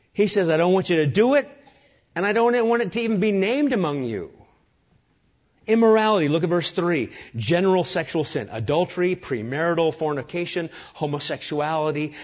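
Husky-voiced man preaching a sermon. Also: a little high, highs cut off. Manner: earnest, emphatic preaching with repeated lists. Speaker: pastor.

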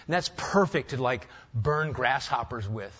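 A man's voice: medium pitch, expressive, unhurried, a bit bright, breathy edge, muffled recording. An older man from Nebraska preaching a sermon, firing off rhetorical questions with dry humor. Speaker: pastor.

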